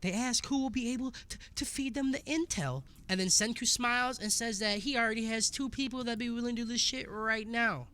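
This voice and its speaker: A man's voice: very high voice, fairly quick, few pauses, bright, forceful tone, clear, resonant tone. A man co-hosting a casual podcast, recapping anime episodes with crude jokes and lots of swearing. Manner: crude, joking, swears a lot.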